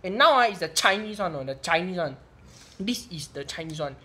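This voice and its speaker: A woman's voice: lowish voice, a little fast. Chatty Singaporean woman vlogger. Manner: chatty, lively, lots of fillers and tags. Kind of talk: comedic vlog monologue.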